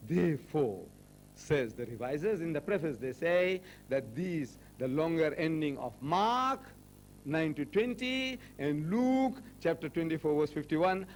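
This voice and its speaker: A man giving a public lecture on religion in an animated, mocking way, acting out the voices he quotes. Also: a little high, slow, a little hiss or hum, low-quality recording. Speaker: religious debater.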